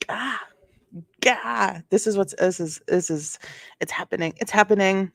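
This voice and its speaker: A woman's voice: medium pitch, measured pace, vocal fry, dry recording, studio quality. A woman commentating casually on a court case, reading filings aloud and reacting with chatty asides and frequent restarts. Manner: reads documents aloud, then reacts with sass.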